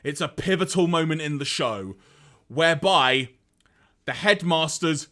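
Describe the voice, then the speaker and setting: A man co-hosting a podcast, recapping an episode in a casual, animated way and reading out lines. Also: fairly high pitch, measured pace. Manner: animated storyteller, reads out lines, laughs often. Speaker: podcast co-host.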